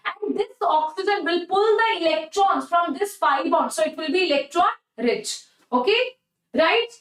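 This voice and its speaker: A woman's voice: very high-pitched, lively intonation, normal speed, fairly bright tone, reverberant, distant mic, low-quality recording. A woman with an Indian English accent teaching a chemistry exam-prep lecture, repeating herself and asking "okay? right?" often. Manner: repetitive, coaxing, checks "okay? right?" often.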